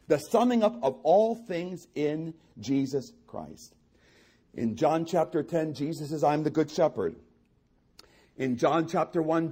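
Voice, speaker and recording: Male pastor, husky, fairly high voice, lively wide-ranging delivery, animated sermon with repeated emphatic lines. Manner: animated preaching with acted-out voices and rising emphatic repetition.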